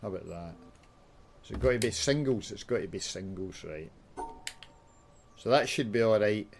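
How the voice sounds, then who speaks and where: A man's voice: fairly low pitch, normal speed, gravelly, soft background music. A man with a Scottish accent chatting casually on his channel, ranting and swearing while he plays a puzzle game and talks to viewers. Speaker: YouTuber. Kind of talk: casual gaming chat with swearing.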